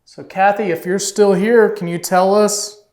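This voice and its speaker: A man on a ghost hunt, gently and politely coaxing a spirit with questions, recorded in an office of an old house. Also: high-pitched, steady tone, unhurried. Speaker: paranormal investigator. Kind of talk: ghost-hunting session talk.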